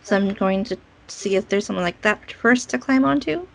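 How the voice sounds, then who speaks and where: A woman's voice: medium pitch, brisk, creaky, a bit bright. A woman playing a tabletop game, talking through her moves casually. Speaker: player.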